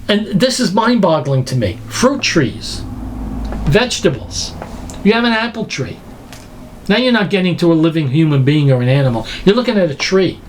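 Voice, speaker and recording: A man's voice: a little high, very animated, normal speed, slight background noise. A man preaching a lecture-style sermon, emphatic and full of rhetorical questions.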